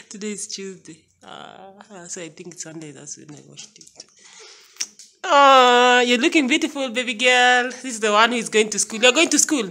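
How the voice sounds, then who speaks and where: A woman's voice: mid-range voice, expressive, a little slow, pushed and bright. A woman with a Kenyan accent chatting casually on a home vlog, coaxing her toddler with playful questions. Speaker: mother and vlogger. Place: home, indoors.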